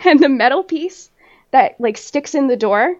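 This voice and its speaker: Sex: woman. Role: podcast host. Style: casual storytelling, laughing and swearing, rambling with fillers. Pitch: somewhat high. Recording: dull lo-fi audio. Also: lively intonation, measured pace. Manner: laughs often while telling.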